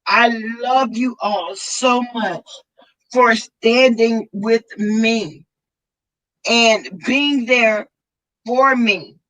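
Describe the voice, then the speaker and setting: A woman speaks in a slow, heartfelt way on a livestream. She is tearful and effusive, lingering over her words. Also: a little high, fairly bright tone, low-quality recording. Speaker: vlogger host. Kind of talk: emotional livestream chat.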